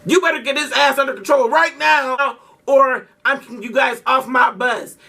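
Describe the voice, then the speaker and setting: A man's voice: very high voice, normal speed, vocal fry, pushed and bright, pitched above the performer's own voice, heavily acted. A man playing a threatening bus driver. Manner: barking threat. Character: angry adult male bus driver, threatening.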